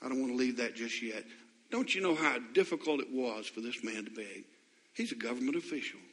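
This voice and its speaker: A man's voice: medium pitch, lively intonation, fairly quick, a bit bright, long reverb tail. A man preaching a sermon as pastor, questioning his congregation and building to impassioned appeals.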